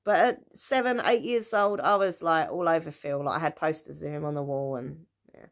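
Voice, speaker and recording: An English vlogger in her thirties chats casually through storytime, recalling her childhood in a relaxed way. Her slightly low voice moves at a moderate pace, and she giggles at herself, corrects herself, and fills her lines with lots of ums.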